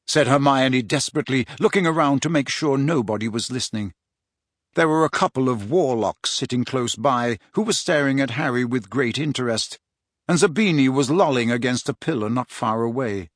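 A man narrating an audiobook in an expressive storytelling style on a close studio mic. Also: mid-range voice, moderate pace, dry recording. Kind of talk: scripted narration.

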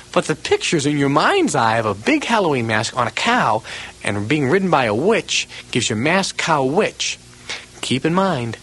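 Lively, husky-voiced male instructor. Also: a little high, poor audio. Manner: emphatic, drawn-out repetition of example words. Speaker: memory course instructor. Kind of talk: recorded instructional lesson.

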